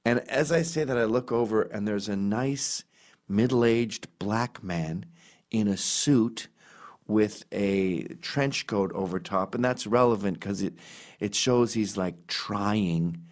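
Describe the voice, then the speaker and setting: A middle-aged man telling comic stories in a rambling, self-correcting way, squeaking up for quoted voices. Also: takes it slowly. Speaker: comedian. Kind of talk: casual storytelling monologue.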